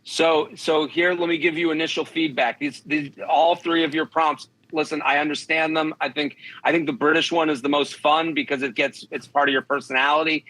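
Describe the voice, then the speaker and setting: A man talks bluntly and emphatically on a podcast, a comedian handing out dating advice. His voice sits a little high and has a bright, forceful edge. He keeps slipping into the voices of imagined people he quotes. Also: little pitch movement, brisk, hardly any pauses, rough recording. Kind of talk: podcast chat.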